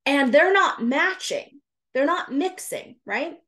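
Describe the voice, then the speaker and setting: A woman's voice: sits high, lively intonation, slow pace, bright, forceful tone. A woman who works as a grief recovery specialist, talking live to viewers in an earnest way. She repeats words for emphasis and greets viewers as she goes. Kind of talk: live-streamed talk to viewers.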